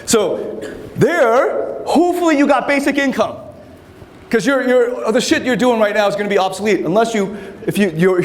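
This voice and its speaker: A middle-aged man giving an energetic, animated keynote talk to university students in a hall, casually swearing and swinging between low mutters and loud exclamations. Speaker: keynote speaker.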